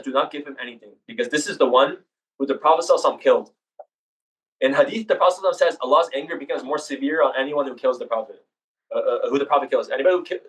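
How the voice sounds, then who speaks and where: Young man, fast casual talk, lots of restarts, a bit off-mic in a room. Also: mid-range voice, recorded from a distance, rough recording. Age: young adult. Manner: rushed, casual, with many restarts and fillers. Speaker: student discussion leader. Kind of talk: informal religious history talk.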